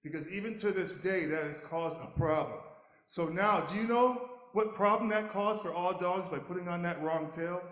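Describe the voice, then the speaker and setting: A man telling a folk tale to a live audience, animated and playful, often chuckling. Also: high voice, normal speed. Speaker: storyteller. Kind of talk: live storytelling. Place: large hall at a live event. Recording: echoey hall, live audience.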